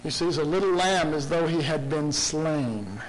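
A man preaching a sermon, dramatic and impassioned, swinging from soft asides to loud shouts. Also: on the high side, animated, unhurried, poor audio.

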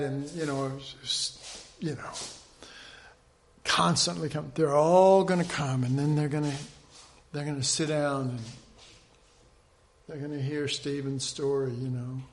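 A man teaching an informal Bible study, rambling and conversational, with many restarts, often dropping to a soft, earnest hush. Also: a little high, a little hiss or hum.

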